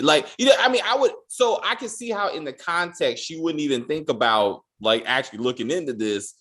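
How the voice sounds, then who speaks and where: A man co-hosting a casual TV review podcast, swearing freely and acting out characters' lines in quick exasperated bits. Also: on the high side, very animated, a bit bright, slightly rough. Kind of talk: casual spoiler review chat.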